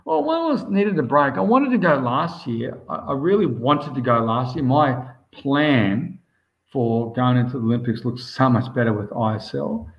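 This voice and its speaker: A man's voice: mid-range voice, lively intonation, normal speed. Man, Australian accent, enthusiastic, rambling, casual interview, dull lo-fi sound. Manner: enthusiastic, rambling, says "mate" constantly. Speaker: swimmer, interview guest.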